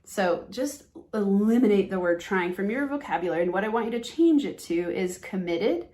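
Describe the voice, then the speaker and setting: A woman's voice: mid-range voice, lively intonation, normal speed, mellow. A woman hosting a motivational business podcast, talking earnestly and with emphasis, and acting out the phrases she wants listeners to drop. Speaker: podcast host and business coach.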